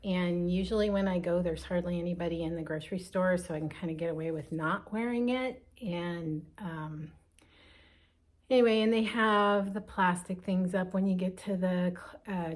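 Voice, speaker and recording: An older woman talks casually to her viewers from home, a little breathless and chatty as she rambles from one thing to the next. Her voice sits fairly low, and she fills her pauses with plenty of ums and anyways. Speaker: cross-stitch vlogger. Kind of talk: casual chat to camera.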